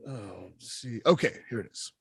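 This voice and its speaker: A man's voice: mid-range voice, normal speed, gravelly, breathy edge, no echo. A man, a wrestler guest, telling stories in a casual interview, blunt and profane. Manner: blunt, profane, animated storyteller.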